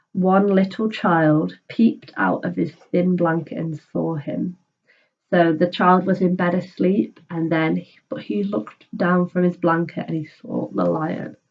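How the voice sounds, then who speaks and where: A woman's voice: fairly low pitch, lo-fi sound. A woman teacher reading a children's book aloud and patiently explaining it in simple words.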